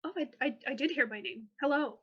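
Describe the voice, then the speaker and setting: A woman's voice: high voice, fast talker, highs cut off, lightly acted. A woman voicing a charming young male water genasi sailor in a tabletop game, stammering and easily flustered. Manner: flustered, stammering, mock-offended.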